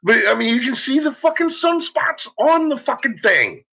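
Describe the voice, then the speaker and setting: A man rambling casually in a home vlog, swearing a lot and laughing often, dropping to low mutters and rising to loud shouts. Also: very animated, moderate pace, vocal fry. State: uses bottled oxygen. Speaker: vlogger. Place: at home with a dog. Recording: dull lo-fi home recording.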